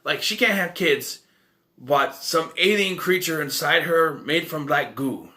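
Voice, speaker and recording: Slightly high, bright, and forceful, the reviewer's voice never rushes. In his casual movie review he rambles through the story, corrects himself, and throws in wry comments.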